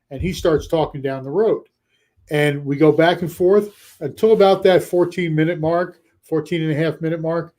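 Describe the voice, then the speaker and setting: Hosting a live coaching show, a man chats casually with his audience in a fairly high voice at a moderate pace. He's energetic, repeats key phrases for emphasis, and acts out short role-play lines.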